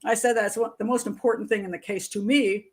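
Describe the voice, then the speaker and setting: A woman's voice: medium pitch, steady tone, brisk, darkish tone. Middle-aged woman host, blunt and chatty, plain mid-range voice, frequent chuckles. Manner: blunt, conversational, reads chat comments and laughs often. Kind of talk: live-stream commentary.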